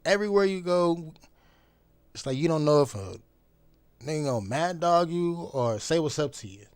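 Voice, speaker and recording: A man talking bluntly and profanely in a casual vlog monologue. He repeats phrases for emphasis and swings between loud outbursts and low mutters. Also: animated, moderate pace, smooth, dry recording. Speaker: vlogger.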